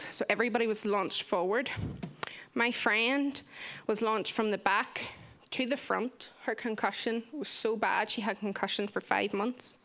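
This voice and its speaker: A young woman tells a story from her own life with vivid energy, stepping into the lines people said. Her voice sits a little on the high side. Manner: vivid, animated retelling with acted-out quotes. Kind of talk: personal story told to listeners.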